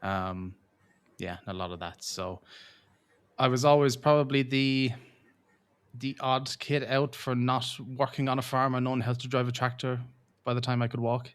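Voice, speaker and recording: Irish man, interview guest, laid-back and self-deprecating, medium pitch. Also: fairly even intonation, normal speed, clear, resonant tone. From Ireland. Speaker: guest, game community manager. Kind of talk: casual interview chat.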